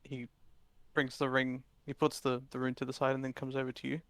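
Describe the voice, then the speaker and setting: A man's voice: medium pitch, completely flat delivery, brisk, fairly bright tone, dry recording. A man narrating as game master in a tabletop game, in a loose, rambling way full of fillers.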